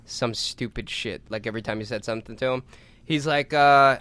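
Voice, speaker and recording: A man's voice: medium pitch, fast, fairly bright tone, smooth, dry recording. A young man co-hosting a podcast, telling loose, profane stories and often breaking into laughter. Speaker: podcast co-host. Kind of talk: casual chat.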